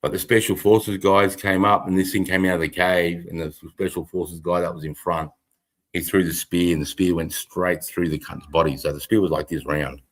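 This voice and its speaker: A man's voice: low-pitched, level tone, normal speed. An Australian man hosting a casual livestream, rambling and swearing freely. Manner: rambling, heavy swearing, frequent laughter. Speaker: livestream host.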